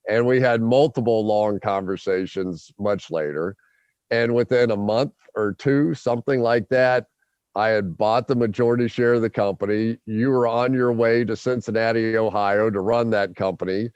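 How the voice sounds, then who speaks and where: A man hosting a podcast, telling a long story in an animated way and acting out his own quotes. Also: fairly low pitch, clean tone, no echo, muffled recording. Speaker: podcast host.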